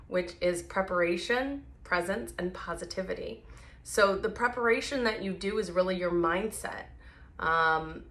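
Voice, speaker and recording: A woman's voice: on the low side, pushed and bright. A woman hosting a leadership advice show, talking casually and upbeat with frequent fillers.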